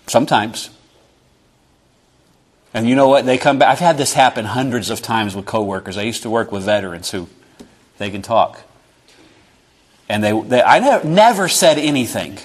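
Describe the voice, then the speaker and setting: A man's voice: medium pitch, normal speed, pauses often, husky. A man preaching a sermon in an earnest, conversational way, sometimes acting out short exchanges.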